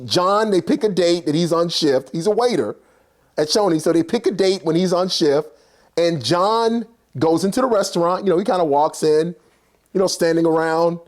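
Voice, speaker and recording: A man with a notably high-pitched voice tells a personal story in a relaxed, conversational way. He keeps it animated, slipping into the voices of the people involved and filling the gaps with casual fillers. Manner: animated, acts out characters, many fillers.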